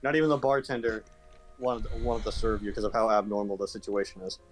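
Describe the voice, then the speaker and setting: A man's voice: on the low side, fairly even intonation, soft background music, low-quality recording. A man narrating a tabletop game as game master, stopping and restarting his sentences often. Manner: halting, many restarts and repeats.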